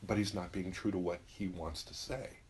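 A middle-aged man with a low, darkish, breathy-edged voice hosts a talk show at a moderate pace. His casual monologue is all blunt, emphatic advice, liberally sworn, with quotes performed in character voices.

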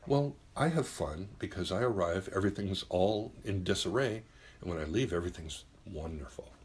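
Blunt deep-voiced middle-aged man. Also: expressive, moderate pace, husky. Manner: emphatic, blunt, swears freely; acts out quoted voices. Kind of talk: casual advice monologue.

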